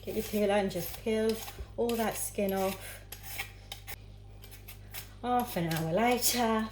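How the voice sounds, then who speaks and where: A woman's voice: mid-range voice, slow, noisy background. Chatty woman cooking in an echoey kitchen. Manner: chatty, talks to herself and viewers while chopping. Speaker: home cooking vlogger. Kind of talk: casual cooking vlog. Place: home kitchen. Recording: echoey kitchen with clattering pans.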